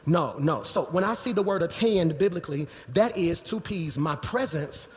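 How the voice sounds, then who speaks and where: A pastor in his forties preaching a sermon in a church sanctuary, moving between quiet teaching and shouted emphasis. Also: a little high, lively intonation, moderate pace. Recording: live church hall reverb, faint noise.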